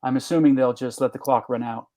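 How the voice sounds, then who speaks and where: A man in his sixties, a retiring teacher, speaking as a guest in a halting, measured way with many restarts. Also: mid-range voice, fairly even intonation, dark tone. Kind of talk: conversational interview.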